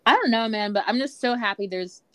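A young woman co-hosting a podcast in casual chat, talking fast with lots of "like" fillers. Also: a little high, noisy background. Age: young adult. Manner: chatty, many "like" fillers. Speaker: podcast co-host.

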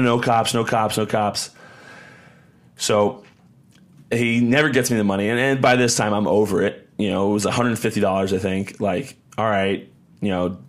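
Young guy podcasting, lowish voice, rambles and restarts a lot, does little voices for quotes. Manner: rambling, repeats words and restarts, acts out quotes. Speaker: podcast host. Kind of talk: casual storytelling monologue.

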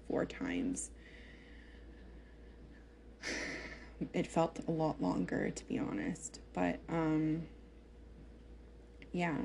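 Young woman, chatty personal storyteller, dark mellow tone, faint room noise underneath. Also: low voice, vocal fry. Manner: chatty, filler-heavy, emotional retelling. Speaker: mother telling her birth story.

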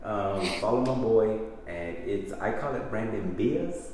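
A man's voice: fairly low pitch, lively intonation, unhurried, darkish tone. A man hosting a casual chat, laid-back and swearing freely. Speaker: podcast host. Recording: very echoey room, faint noise.

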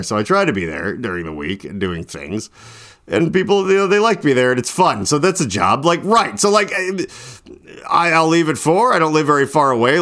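A young man with a mid-range, slightly bright voice hosts a casual podcast. In late-night storytelling mode, he meanders through a long tale heavy with "like," acting out both sides of his phone calls.

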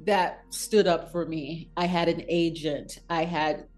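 A woman telling stories as an interview guest, animated and quick to laugh, with her voice climbing high whenever she quotes someone. Faint music sits behind her. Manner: animated, laughs often, rises high when quoting. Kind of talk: casual interview storytelling.

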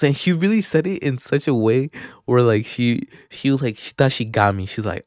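A man's voice: medium pitch, lively intonation, a little fast, darkish tone, no echo, studio quality. A young man hosting a podcast, telling a story in a rambling, profane way full of filler words. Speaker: podcast host. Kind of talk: casual chat. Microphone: handheld microphone.

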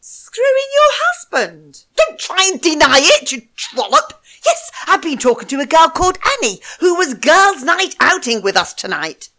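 A woman voicing a jealous, drunk, vengeful wife who is shrill and tearful, in an amateur audio drama. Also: big pitch swings, normal speed, hardly any pauses, pushed and bright, heavily acted. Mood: accusing.

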